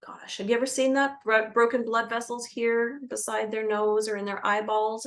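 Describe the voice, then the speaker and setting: A woman doula explaining birth practice to camera, lively and expressive, acting out scenes and dropping into a soft calm voice. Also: fairly high pitch, normal speed, hardly any pauses. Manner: animated, acts out scenes with gasps and shifts to a soft calming voice. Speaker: doula educator. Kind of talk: educational talk to camera.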